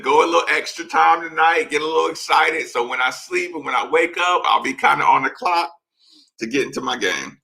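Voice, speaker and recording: A man's voice: medium pitch, gravelly, pushed and bright. A man hosting a casual late-night live show, rambling as he reads and answers chat comments.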